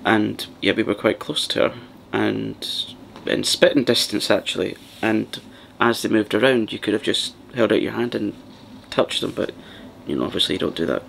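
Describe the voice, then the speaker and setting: Gravelly soft-spoken man, rambling ASMR chat. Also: on the low side, normal speed, few pauses, slight background noise. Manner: rambling, soft, partly whispered. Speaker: ASMR channel host.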